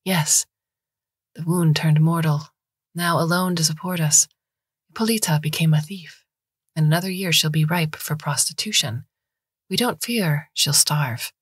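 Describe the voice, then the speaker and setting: A woman's voice: low voice, a little slow, breathy edge, no echo, studio quality. A woman voicing a tiny oracle creature that lives in a vase, speaking in a faint, metallic, earnest whisper. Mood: grave.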